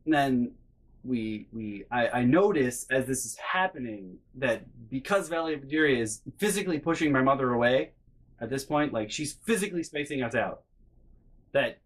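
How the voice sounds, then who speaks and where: A man vlogging a comedic story from his life in a lively, profane, self-mocking way. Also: medium pitch.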